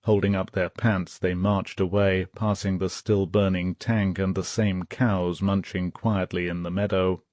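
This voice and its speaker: A man reading an audiobook in steady, measured scripted narration. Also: deep voice, dry recording. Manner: measured, steady storytelling, voicing characters' shouts.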